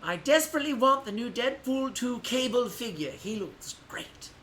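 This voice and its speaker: A man hosting a casual livestream, talking in a rambling, animated way and correcting himself as he goes. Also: very high-pitched, moderate pace, a little hiss or hum, low-quality recording. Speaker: livestream host.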